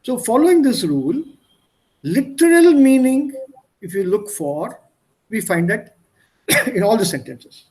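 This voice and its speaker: Lively high-voiced man tutoring German. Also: measured pace, pauses often. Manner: patient, explains by repeating synonyms. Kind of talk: online one-on-one language lesson.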